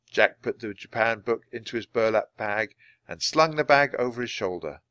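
Brief: clear male audiobook reader, animated delivery, dry close recording. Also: mid-range voice, moderate pace, no room sound. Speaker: storybook reader. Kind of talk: audiobook narration for language learners.

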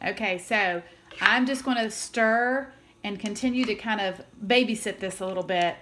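A woman's voice: medium pitch, moderate pace, fairly bright tone, slight background noise. A woman hosting her own cooking channel, talking viewers through a recipe step by step in a chatty, upbeat way with the odd filler. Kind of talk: home cooking demonstration.

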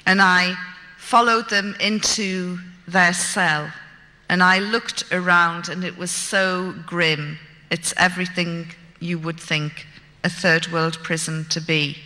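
A woman recounts a gripping personal story, vivid and self-mocking in her wit. She speaks slowly, with a strikingly bright, forceful tone. Her voice carries a long reverb, as if she were in a large hall. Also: on the low side, fairly even intonation. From Britain.

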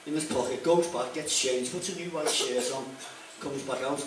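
A man's voice: mid-range voice, normal speed, distant mic, noisy background. A man with a Liverpool accent doing a stand-up comedy routine, telling jokes and acting out the characters in them. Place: stage in a room with an audience. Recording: echoey room recorded from afar.

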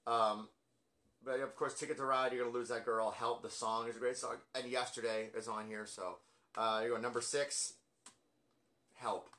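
A man's voice: medium pitch, little pitch movement, moderate pace, pushed and bright. A man casually ranking albums from his record collection, rambling and self-deprecating with lots of fillers. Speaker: music collector vlogger.

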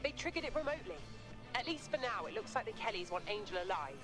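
A sharp young hacker in a video game, fast and lively in pitch. Music plays clearly behind her. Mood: analytical.

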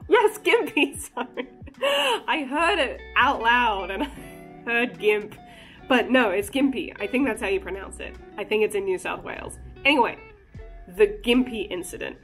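Woman vlogger, kinda high voice, jokey and chatty, lil music in the back. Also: sing-song, normal speed, fairly bright tone. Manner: chatty, joking, giggly asides. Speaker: cryptid channel host. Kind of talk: casual explainer vlog.

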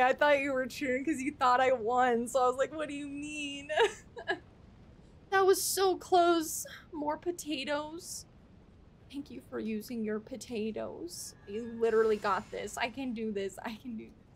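A woman streaming a game live, chatting with a friend and talking to herself, swinging between quiet mutters and loud outbursts. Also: high voice, creaky, a little hiss or hum. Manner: talks to herself and chats with a friend while playing.

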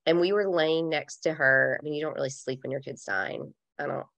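Low-voiced woman telling a candid story. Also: brisk, gravelly, fairly bright tone. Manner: candid, emotional, many fillers like "like". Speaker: podcast guest. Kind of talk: personal storytelling in conversation.

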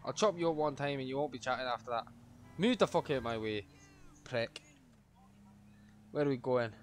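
Swearing streamer ranting at a game. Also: male voice, mid-range voice, moderate pace, soft background music. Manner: profane, ranting, yelling insults at game characters. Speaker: livestreamer. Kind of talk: live gameplay commentary.

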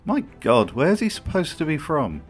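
A man's voice: fairly high pitch, huge pitch swings, normal speed, faint music behind. A man hosts a commentary video in voice-over. His tone is wry and sardonic. He swears freely and in an offhand way. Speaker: video host.

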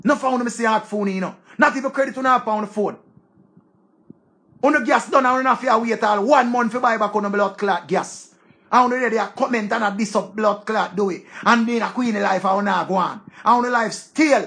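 This online commentator, a man with a Jamaican accent, rants casually to viewers in a fairly quick, high-pitched voice with a fairly bright tone. He's heated and scolding, cursing freely throughout.

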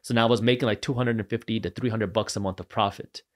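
A man on a podcast as an entrepreneur guest, telling stories with lively energy and acting out the voices of the people in them. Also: fairly low pitch, fast talker. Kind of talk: animated storytelling.

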